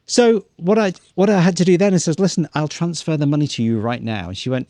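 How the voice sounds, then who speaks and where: A man's voice: a little high, fast, dry recording. A man co-hosting a vlog, telling a story in casual chat, acting out what people said and swearing now and then. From New Zealand. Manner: animated storyteller acting out quotes. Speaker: vlog co-host.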